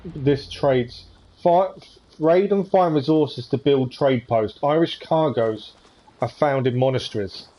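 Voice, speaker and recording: Mellow man thinking aloud while gaming. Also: mid-range voice, slow. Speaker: game streamer. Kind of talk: casual gameplay commentary.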